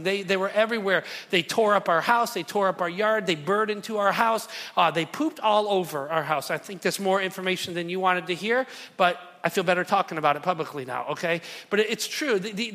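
A man preaching a sermon to a congregation, telling a story with lively repetition and calls to the room. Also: high voice. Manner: animated, repeats phrases for emphasis, calls to the congregation. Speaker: pastor. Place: church hall. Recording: long hall reverb.

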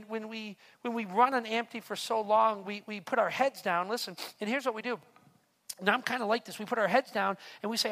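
A man's voice: high voice, fairly bright tone. Earnest man preaching in a reverberant hall. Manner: earnest, confessional, repeats words often. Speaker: pastor. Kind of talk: sermon. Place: church hall.

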